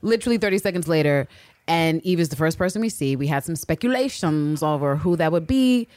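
A woman co-hosting a podcast, casually recapping a TV episode with lots of swearing and quick impressions. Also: low voice, no room sound. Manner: profane, animated storytelling with quick impressions. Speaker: podcast co-host.

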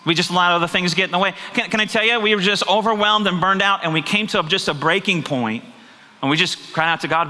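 A man's voice: high voice, fast talker, sharp tone. A man pastor preaching a sermon, earnest and confessional, often asking his listeners rhetorical questions. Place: church sanctuary. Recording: reverberant church hall.

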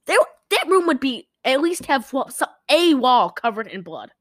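A woman's voice: sits high, normal speed, dry recording, studio quality. Chatty woman recapping a horror movie. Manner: animated storytelling, lots of fillers. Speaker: podcast co-host. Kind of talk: casual movie recap chat.

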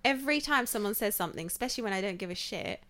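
A woman's voice: mid-range voice, lively intonation, rapid-fire, a bit bright. A woman in laid-back casual chat as podcast co-host, swearing now and then.

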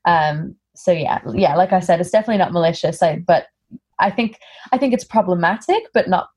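A woman from Singapore with an American-sounding accent, speaking as an interview guest in a relaxed, thoughtful way, often pausing with fillers. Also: lowish voice. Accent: American-sounding English. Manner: thoughtful, frequent "um" fillers, acts out quoted exchanges. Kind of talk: casual conversational interview.

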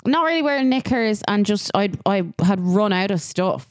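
A woman's voice: mid-range voice, lively intonation, normal speed, no echo, studio quality. A woman co-hosting a podcast, telling candid stories in a giggly, casual way. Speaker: podcast co-host. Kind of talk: casual chat.

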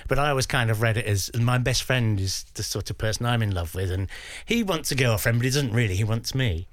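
An English man in his fifties tells stories as a radio guest, his pitch rising and falling a great deal. He lively acts out the voices of people he quotes. The studio sound is dry and close. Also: fairly quick, dry recording. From England. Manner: animated storyteller who acts out quoted voices. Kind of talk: radio interview, reminiscing.

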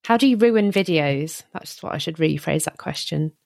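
A woman's voice: deep voice, normal speed, vocal fry, dry recording, studio quality. Teasing woman host. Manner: teasing, relaxed questions. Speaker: podcast host. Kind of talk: casual interview.

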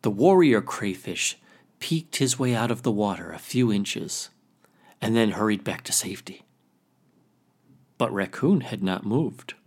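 A man telling a traditional animal tale as host of a storytelling podcast, reading in an expressive, dramatic way. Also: fairly low pitch, a little slow, pauses often, husky. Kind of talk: storybook narration.

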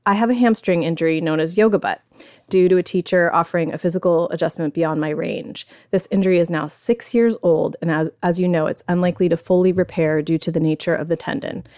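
A woman's voice: lowish voice, a little fast, warm tone, dry recording, studio quality. A woman hosting a podcast, chatting casually and reading out listener questions in a friendly way. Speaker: podcast host.

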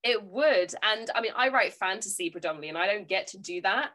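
A woman hosts a relaxed podcast conversation. She jokes freely and laughs often as she talks. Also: medium pitch, quick pace. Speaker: podcast host. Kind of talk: casual chat.

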